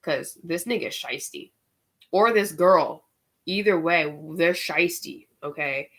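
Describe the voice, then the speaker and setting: A woman gives a casual spiritual tarot reading, chatty and candid, swearing and slinging slang freely as she gets worked up over the cards. Her voice is fairly low and fairly bright, with a measured pace.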